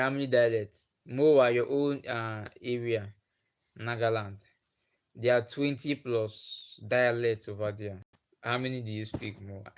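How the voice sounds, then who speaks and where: A young man from Nigeria with a Nigerian accent, whose first language is Igbo, chatting casually with viewers on his livestream and repeating himself often. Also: medium pitch. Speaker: livestream host.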